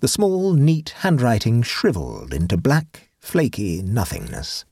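A man narrating a classic short story aloud in a measured, lowered voice. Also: huge pitch swings, vocal fry, a little mellow, slightly rough, no echo, clean studio sound. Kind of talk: audiobook reading of a classic story.

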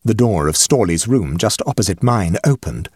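A man reads a ghost story aloud with lively, expressive intonation. His voice has a husky edge, and the recording is dry and close. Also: fairly low pitch, normal speed, no echo. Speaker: narrator. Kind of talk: audiobook reading of a ghost story.

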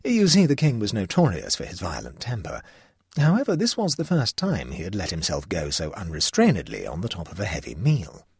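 A man voicing a witty young gentleman who tells his story in a drawling, ironic way. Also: low-pitched, huge pitch swings, a little fast, breathy edge, no room sound, studio quality, heavily acted. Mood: wry.

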